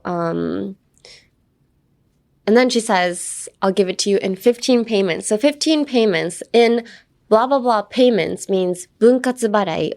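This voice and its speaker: A young woman talks through English phrases in a loose, chatty lesson, full of fillers and playful asides. She drifts between English and Japanese as she explains. Her pitch sits in the middle for a woman's voice. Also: a little mellow. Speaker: English teacher host. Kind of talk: casual language lesson.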